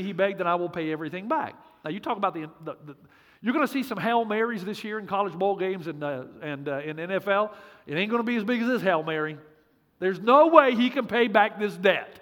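A man's voice: high-pitched, fairly bright tone, long reverb tail. A man preaching a sermon as pastor, punchy and joking, with emphatic repeats.

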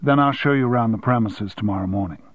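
A man voicing a smooth, extravagant male foundation director with a genial, slightly raised tone. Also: fairly low pitch, fast talker, no room sound, close to an everyday voice. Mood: polite.

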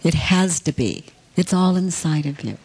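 A woman leading a group workshop, speaking gently and coaxingly to participants and calling them honey. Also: low voice, lively intonation, normal speed, breathy edge. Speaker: workshop leader.

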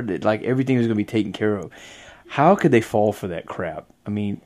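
A man's voice: on the low side, animated, a little fast, a little mellow, a little hiss or hum. A man hosting a casual podcast chat, rambling, trailing off and laughing often. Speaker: podcast host.

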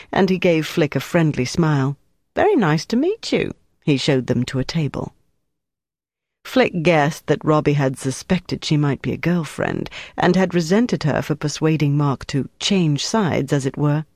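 Brief: measured audiobook narrator, mid pitch, dry close studio sound. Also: no room sound. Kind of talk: scripted narration.

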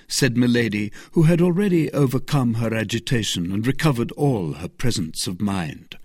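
A narrator reading a classic novel aloud in a measured, unhurried way. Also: mid-range voice, animated, darkish tone, husky, no echo, clean studio sound. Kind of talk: storybook reading.

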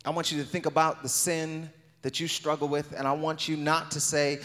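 A man with a high voice preaches in a church sanctuary, his delivery swelling into a sung, shouting cadence. His voice rings through a long hall reverb. Soft music plays beneath him. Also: little pitch movement, a little fast, hardly any pauses. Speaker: pastor. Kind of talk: sermon.

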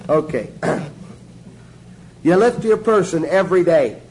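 A man's voice: a little high, lively intonation, slow pace, darkish tone, slight background noise, rough recording. A man giving a sermon-style teaching to a small group, emphatic and joking, repeating his instructions.

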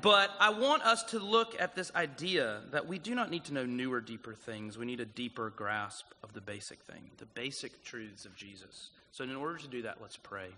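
A man's voice: medium pitch, moderate pace, few pauses, a little hiss or hum. A man with a South Carolina accent, a guest pastor preaching in a casual, storytelling way. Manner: casual, animated storytelling with lots of "like" and "um". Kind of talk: sermon. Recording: long hall reverb.

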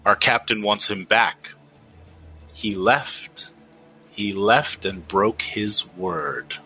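A formal, swaggering pirate first mate, a woman that a man acts out in a tabletop game. She speaks courteously in a low, bright voice, with faint music behind. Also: drawn-out words, heavily acted, low-quality recording.

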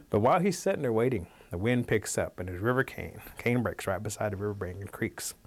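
A male storyteller with a lowish voice recounts an old animal tale. His delivery is relaxed and animated, and he shifts his tone as the story moves along. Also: a little fast. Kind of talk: oral folk storytelling.

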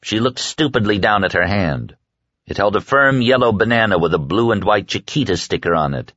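A man narrating a horror audiobook in a dramatic, expressive storytelling manner. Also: lowish voice, a little fast, dry recording, highs cut off. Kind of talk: scripted narration.

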